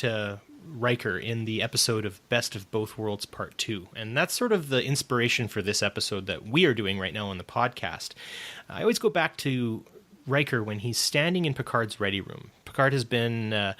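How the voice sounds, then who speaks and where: A man hosting a podcast in casual chat, pausing often with ums and uhs. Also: mid-range voice, a bit bright. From Canada. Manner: hesitant, heavy on fillers. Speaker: podcast host.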